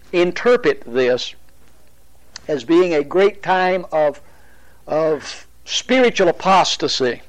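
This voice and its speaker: A man teaching a Bible study, explaining at a deliberate pace with pauses and restarts. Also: fairly high pitch, rough recording.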